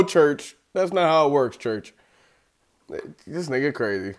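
Male reaction host, higher voice, very animated delivery, mocking and profane. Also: measured pace. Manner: mocking, profane, laughs often. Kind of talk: casual reaction commentary.

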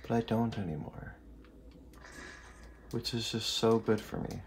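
A young man playing a game at home at night, talking quietly and casually so he won't wake his family. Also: fairly low pitch, measured pace, slight background noise. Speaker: let's play host. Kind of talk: casual gameplay commentary.

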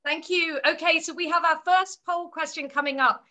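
A woman with a high, bright voice, speaking at a book launch. She tells her stories and explains ideas one step at a time, as a co-author presenting her book. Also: steady tone, normal speed.

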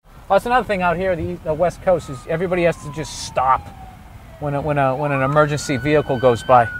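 A man, a comedian, ranting profanely and sarcastically about traffic while driving through city streets. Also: fairly high pitch. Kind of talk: casual rant while driving.

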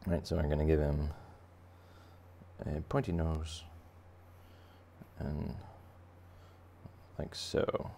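A man's voice: a bass voice, little pitch movement, slow pace, creaky, pauses often, mellow, slight background noise. A man teaching a drawing lesson for kids in a playful, jokey, conversational way. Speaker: art teacher.

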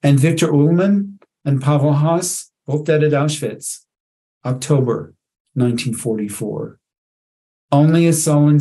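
A man, an author, reading his own literary fiction aloud at an online writers' event in a measured, dramatic storytelling manner. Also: medium pitch, dark tone.

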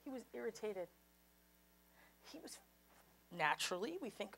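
A woman pastor preaching a sermon with passion, moving from soft, low passages to loud, high exclamations and leading the congregation in call and response. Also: sing-song, unhurried, vocal fry, long pauses, breathy edge.

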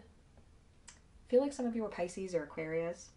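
A woman's voice: on the low side, lively intonation, measured pace, dark tone. A woman giving a casual, emotional tarot card reading to her viewers, effusive and swearing freely.

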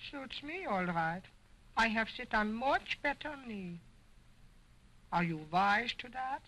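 A man's voice: lively intonation, slow pace, bright, forceful tone, exaggerated voice, rough recording. A man voicing a cheeky, wisecracking male ventriloquist dummy who talks back in slangy, broken grammar, in 1920s early talkie acting. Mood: sassy. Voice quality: high, slangy, mocking. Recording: early sound film with music.

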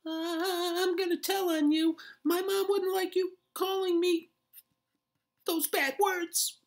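A woman voicing a tiny young male mouse, a whiny tattletale with a very high, slow, childish voice. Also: level tone, heavily acted.

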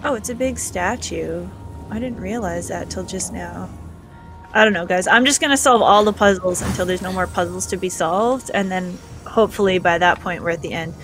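A woman's voice: on the low side, normal speed, fairly bright tone, faint music behind. Giggly Canadian woman streaming a game. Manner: giggly and chatty. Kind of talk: live gameplay chat, reading viewer comments.

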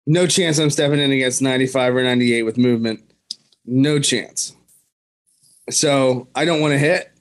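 Measured man on a sports podcast. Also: mid-range voice. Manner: measured, many fillers. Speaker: podcast co-host. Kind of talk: casual sports talk.

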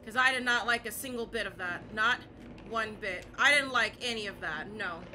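A young woman playing a horror game and commentating, panicking, repeating herself and shouting at the game. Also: a little high, normal speed, a little hiss or hum. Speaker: gaming YouTuber.

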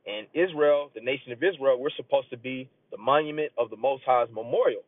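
A man's voice: medium pitch, brisk, dry recording. A man delivers an informal, urgent sermon, slipping between plain talk and read-aloud scripture. His speech is loose and conversational. The audio is narrow and phone-like, dry and close. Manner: earnest and urging, rising as he presses a point. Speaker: street preacher. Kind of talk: casual sermon.

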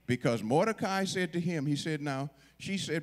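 Lively, animated male preacher. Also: on the high side, moderate pace, hardly any pauses. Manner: dramatic storytelling, acting out voices, sudden drops to a whisper. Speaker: guest preacher. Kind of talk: sermon.

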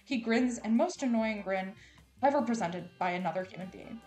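A woman's voice: mid-range voice, animated, normal speed, a little mellow, faint music behind. A woman reading a romance novel aloud in a dramatic, casual style with playful, sarcastic asides. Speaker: audiobook reader.

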